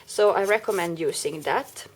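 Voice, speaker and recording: A woman's voice: fairly low pitch, normal speed, slight background noise. Chatty woman explaining a craft project. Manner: chatty, explaining step by step with small self-corrections. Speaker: crafting video maker. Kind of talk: casual craft tutorial.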